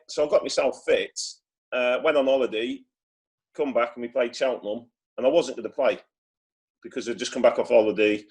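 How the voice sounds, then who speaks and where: Man, mid pitch, loose rambling storyteller on a video call. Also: lively intonation, fairly quick. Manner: chatty, rambling with many restarts and acted quotes. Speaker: former footballer guest. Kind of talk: casual storytelling.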